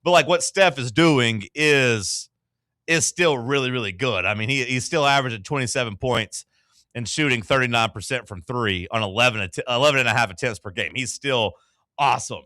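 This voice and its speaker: A man's voice: medium pitch, normal speed, pushed and bright, no room sound, studio quality. A man hosting a casual sports talk show, loose and chatty with lots of filler words.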